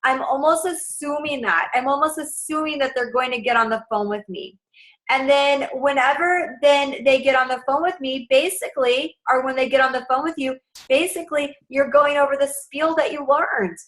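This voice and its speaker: A woman's voice: high-pitched, moderate pace, fairly bright tone, rough recording. A young adult woman coaching her sales team in a casual, upbeat, direct way.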